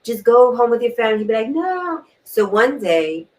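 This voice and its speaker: A woman hosting a talk show, sharing a personal story in an earnest way, repeating key words and often clearing her throat. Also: fairly high pitch, fairly quick, a little mellow. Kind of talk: personal testimony in a panel talk. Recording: distant mic.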